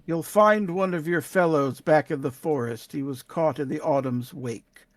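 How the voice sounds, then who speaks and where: A man's voice: on the high side, moderate pace, voice pushed down, close to an everyday voice. A man playing a stern adventurer giving orders. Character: stern male adventurer demanding surrender.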